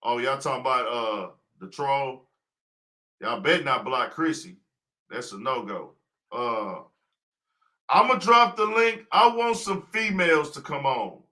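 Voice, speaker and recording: A man's voice: medium pitch, big pitch swings, unhurried, sharp tone. A man hosting a casual livestream talk show, preaching his point with rhetorical questions he answers himself. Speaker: podcast host.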